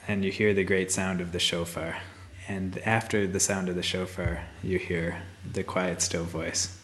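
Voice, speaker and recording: A man interviewed, speaking in a slow, calm and reflective way. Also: sits low.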